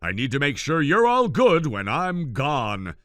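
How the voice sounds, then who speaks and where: A man voicing an ailing father who speaks gently and pleads with his son. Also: a little high, huge pitch swings, unhurried, no room sound, heavily acted. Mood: pleading. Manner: soft-spoken, pleading. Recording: dry, faint music behind.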